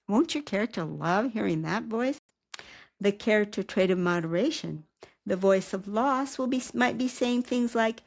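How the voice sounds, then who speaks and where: A woman who teaches writing, giving a calm, measured recorded lecture and asking rhetorical questions. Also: mid-range voice. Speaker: writing instructor.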